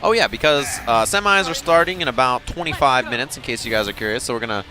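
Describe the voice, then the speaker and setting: A man commentating a live fighting game tournament, joking and excitable. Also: mid-range voice, fast, faint music behind. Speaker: esports commentator.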